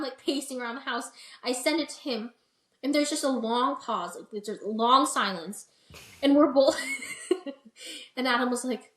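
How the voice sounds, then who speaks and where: A young adult woman, an interview guest and bikini competitor, telling her story in a chatty, animated way with lots of "like" and "you know". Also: sits high. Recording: roomy echo.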